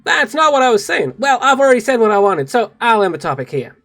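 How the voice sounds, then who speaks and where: A streamer voicing an earnest young woman naval officer from a game, high and eager. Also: big pitch swings, fast talker, fairly bright tone. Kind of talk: reading game dialogue aloud on a livestream.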